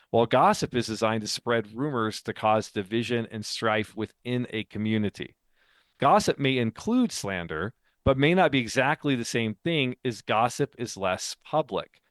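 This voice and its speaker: A man's voice: medium pitch, no room sound. A man co-hosting a faith podcast, explaining ideas in casual chat, talkative and laughing often. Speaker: podcast co-host and author.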